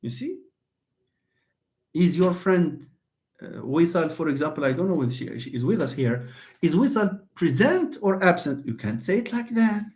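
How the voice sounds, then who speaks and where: Man, Moroccan accent, English teacher, lively pitch, repeats himself, calls on students. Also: normal speed. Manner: switches between English and Darija, repeats key points; animated, calls on students by name. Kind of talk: online classroom lesson.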